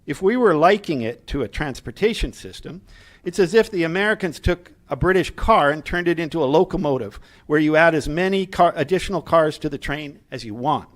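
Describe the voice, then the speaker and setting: A man's voice: fairly high pitch, lively intonation, a little fast. Earnest man reading a speech. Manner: earnest, with asides and light humor to the room. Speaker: speaker at a political gathering. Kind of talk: reading a prepared speech to a live audience.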